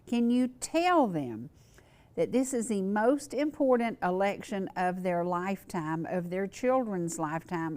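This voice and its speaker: A woman's voice: mid-range voice, darkish tone. Female talk show host, earnest and emphatic, repeats herself for stress. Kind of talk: casual local talk show monologue.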